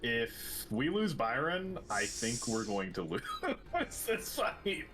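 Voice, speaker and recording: A man playing a tabletop game, chatty and lively. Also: medium pitch, slow, slight background noise. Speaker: player.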